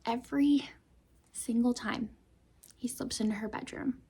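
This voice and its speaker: A woman's voice: a little high, steady tone, unhurried, mellow, slightly rough. A young woman vlogger talking through a book she is reading, emotional and full of restarts, sometimes dropping into a whisper. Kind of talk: casual book discussion.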